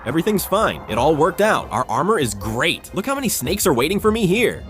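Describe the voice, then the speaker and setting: A man hosting a gaming channel, giving excitable, jumpy play-by-play commentary on a survival game. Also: fairly high pitch, fairly quick, over music.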